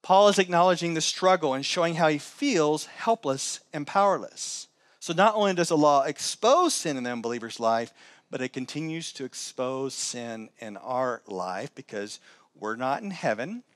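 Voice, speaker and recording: A man delivers a church sermon in a notably high, light voice, close and dry with little room sound. He is animated, jumping from loud, raised exclamations to hushed, low asides as he preaches. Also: normal speed, no room sound. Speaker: pastor. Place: church sanctuary.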